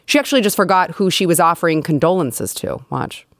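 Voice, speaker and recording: A woman's voice: on the low side, animated, brisk, no room sound, studio quality. A woman co-hosting a political talk show, speaking in a sarcastic way. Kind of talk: political commentary.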